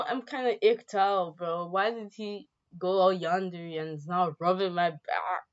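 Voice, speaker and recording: A woman's voice: fairly low pitch, fairly even intonation, a little slow, hardly any pauses, smooth. A young woman playing a story game, reading it aloud and reacting in a playful, slangy way. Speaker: game streamer. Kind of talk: let's-play commentary and read-aloud. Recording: dull lo-fi sound.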